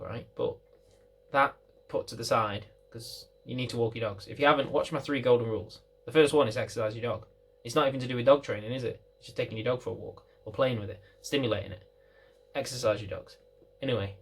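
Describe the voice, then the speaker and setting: A man's voice: medium pitch, fast talker, husky. A man, a dog trainer, talking casually to camera from a chair, with many fillers and restarts. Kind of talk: unedited talk to camera. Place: indoors, seated in a chair.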